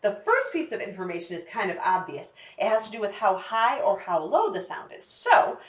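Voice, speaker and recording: A woman's voice: mid-range voice, huge pitch swings, moderate pace. A woman music teacher giving a recorder lesson for children, patient and encouraging, counting her students in. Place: classroom with a whiteboard. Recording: echoey room, distant mic.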